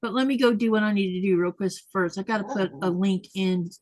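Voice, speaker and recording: A woman's voice: medium pitch, fast talker, darkish tone. A woman hosting a casual sewing livestream, chatting and laughing often as she reads viewer comments aloud. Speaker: livestream host.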